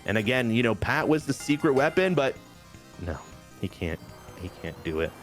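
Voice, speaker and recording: Man, game host, casual hyped commentary, playful, mid pitch, faint music behind. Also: sing-song, moderate pace. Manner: hyped, playful, says "baby" a lot.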